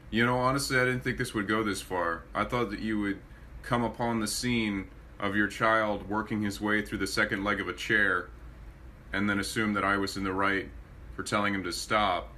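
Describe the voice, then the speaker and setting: A man's voice: on the low side, fairly even intonation, moderate pace, sharp tone, slight background noise. A young man delivering a sarcastic, exasperated comedic rant and slipping into mocking voices. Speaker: comedy vine creator.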